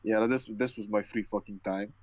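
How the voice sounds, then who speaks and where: A man's voice: lowish voice, fairly even intonation, moderate pace, no echo. A tired young man in a dry, close recording rants on a podcast. He swears freely, stumbles and restarts his sentences, and works himself up as he complains. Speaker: podcast co-host. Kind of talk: casual chat.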